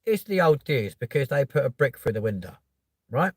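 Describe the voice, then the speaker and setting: Animated London man telling a story. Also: medium pitch, moderate pace, no echo, studio quality. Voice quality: swears freely, tags lines with "right?" and "yeah?". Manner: animated, voice jumps up when quoting himself. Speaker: podcast host. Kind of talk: casual storytelling.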